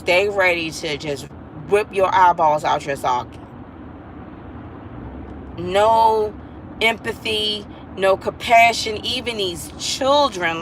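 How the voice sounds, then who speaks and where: A woman's voice: fairly low pitch, a bit bright, slight background noise, rough recording. A mother talking to viewers in a casual vlog monologue, earnest and emphatic, repeating herself and pleading with listeners.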